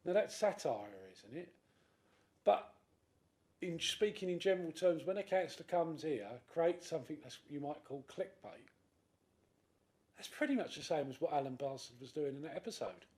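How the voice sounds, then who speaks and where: A man, a councillor speaking in a committee debate, animated and acting out other people's voices. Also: fairly high pitch, normal speed. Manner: animated, acts out quoted voices. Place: council chamber.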